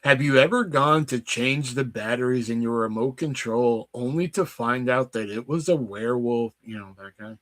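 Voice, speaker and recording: A man's voice: mid-range voice, moderate pace, few pauses. A man hosting a casual trivia night stream, joking and swearing freely with friends. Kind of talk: casual chat over a trivia game.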